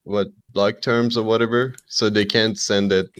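A man's voice: on the low side, flat delivery, normal speed. A man talking casually as a guest on a streamer podcast, laid-back and loose, often saying "bro". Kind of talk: casual chat.

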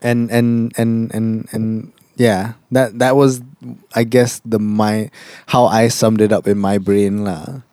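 A young man with a Malaysian English accent, co-hosting a podcast in relaxed, rambling casual chat that slips into Malay words. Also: fairly low pitch, slow pace, hardly any pauses, no echo. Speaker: podcast co-host.

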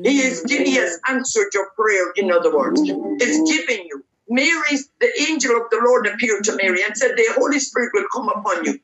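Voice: medium pitch, lively intonation, moderate pace, hardly any pauses, a crowd in the background. A preacher leading fervent, repetitive prayer and preaching at a church service. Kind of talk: prayer and sermon. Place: church service, based near Dublin. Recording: echoey room.

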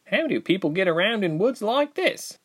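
A man voicing a fierce, fiery young woman in an audiobook, high and urgent. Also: big pitch swings, normal speed.

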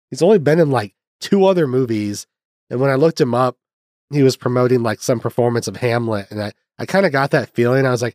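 A man's voice: medium pitch, expressive, fast, darkish tone, dry recording, studio quality. A man casually reviewing a film, rambling with lots of fillers and restarts and the odd swear word.

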